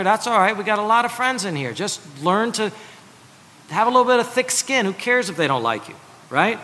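Man, pastor preaching a sermon, high voice, bright and forceful, emphatic, long hall reverb. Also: a little hiss or hum. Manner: earnest, emphatic preaching with slowed solemn stresses.

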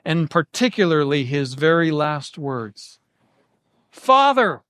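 A man's voice: high-pitched, moderate pace, no room sound. A man giving a verse-by-verse Bible teaching, explaining the text and laying out each possible reading step by step. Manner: explanatory, lays out options step by step.

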